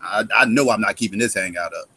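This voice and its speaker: A man's voice: fairly low pitch, bright, forceful tone, slightly rough. A man hosting an online show, speaking hesitantly with many restarts. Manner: hesitant, halting, restarts often. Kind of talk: casual chat.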